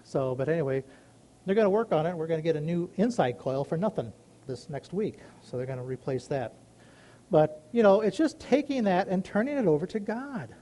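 Rambling earnestly through a devotional talk, a Christian speaker tells folksy everyday stories with many asides as he shares something personal. He talks a little fast, with a highish, dark-toned voice and lively intonation.

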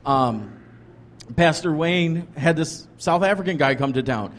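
A man's voice: a little high, lively intonation, unhurried, a little hiss or hum. A man who is a pastor, telling his ministry story in an earnest, rambling way, with lots of restarts and "like" fillers. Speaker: pastor and ministry leader, guest. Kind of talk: casual conversational storytelling.

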